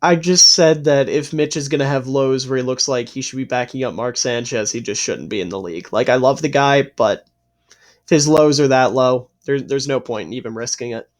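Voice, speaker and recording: Earnest East Coast podcast host. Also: male voice, mid-range voice, a little fast. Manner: earnest, explains at length. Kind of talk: casual podcast chat. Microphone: remote call.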